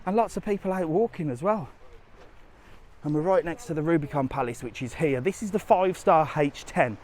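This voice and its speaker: A man's voice: a little high, a little fast, darkish tone. A man doing a live walking vlog, chatting cheekily and rambling as he strolls along a seaside resort promenade, filming on a handheld phone. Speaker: travel vlogger.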